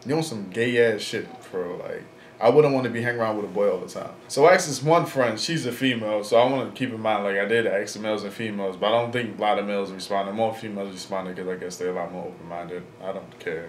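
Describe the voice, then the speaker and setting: Speaking fast in a lowish voice, a young man in his twenties rambles through a casual vlog. He's blunt and frank, leaning on slang and lots of fillers. The audio has an echoey room sound and faint noise behind it.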